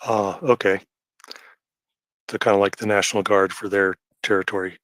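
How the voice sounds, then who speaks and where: A man with a fairly low voice speaks haltingly in a relaxed live audio chat, filling gaps with ums and uhs. The sound is dry and close, with no room around it. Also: dry recording. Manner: hesitant, halting, many fillers.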